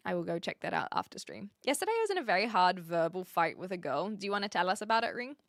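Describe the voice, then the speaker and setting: A young woman with a New Zealand accent, chatting with her stream and reading out comments, giggly and trailing off into quiet asides. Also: lowish voice, sing-song, fast, no echo, clean studio sound. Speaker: livestreamer.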